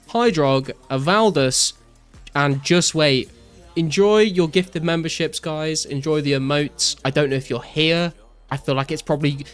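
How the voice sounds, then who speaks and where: A young British man streaming a game, chatting loosely, gushing thanks to his viewers and dropping swear words constantly. His voice sits a bit high for a man, with faint music playing under him. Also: smooth. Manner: excitable, swears a lot, thanks donors profusely. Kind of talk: casual live-stream chat.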